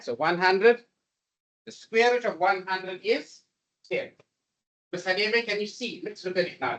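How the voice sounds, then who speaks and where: A man giving a classroom programming lecture, animated and repetitive as he coaxes his students along. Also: high-pitched. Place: lecture room. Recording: voice distant from the mic.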